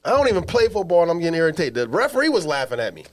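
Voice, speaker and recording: A man's voice: on the high side, racing, heavy background noise. A man co-hosting a podcast, telling comic stories in slangy, emphatic casual chat from a small studio. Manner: animated storyteller, slangy and emphatic. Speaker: podcast co-host.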